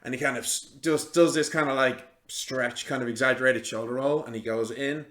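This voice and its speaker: A man narrating a tabletop game as game master, relaxed and halting with frequent ums. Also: medium pitch.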